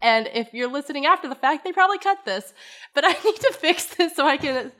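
A woman's voice: sits high, animated, fast talker, pushed and bright. A woman who plays in a tabletop podcast, chatting playfully and laughing often, on a headphone mic. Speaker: podcast player. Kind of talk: casual podcast chat.

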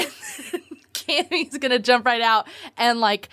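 A young woman playing a tabletop game, chatty and giggly, quick to jump in with her character's lines. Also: fairly high pitch, expressive, fairly bright tone. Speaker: player. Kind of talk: tabletop role-play chat.

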